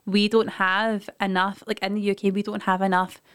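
A woman with a Glaswegian accent co-hosts a casual podcast chat. She talks in an animated, ranting way, and her voice comes across smooth and clear. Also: mid-range voice, normal speed. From Scotland. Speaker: podcast co-host.

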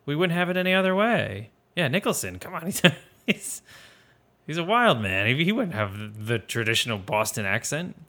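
A man's voice: fairly high pitch, sing-song, normal speed, pushed and bright. A man from the Philadelphia area co-hosting a movie podcast, chatting in an easygoing, agreeable way. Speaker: podcast co-host. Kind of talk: casual movie discussion.

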